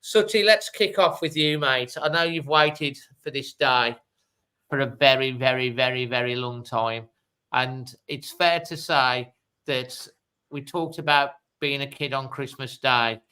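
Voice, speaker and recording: A man's voice: mid-range voice, a little slow, bright, forceful tone, clean tone, poor audio. A man hosting a casual fan phone-in podcast, chatty and upbeat, with long rambling questions. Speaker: host of a fan phone-in show.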